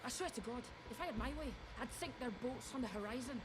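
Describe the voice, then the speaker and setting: An actress playing a volatile, foul-mouthed middle-aged woman who shouts threats and crude insults in a TV drama. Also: on the high side, fast, close to an everyday voice. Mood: furious. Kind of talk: TV drama clip.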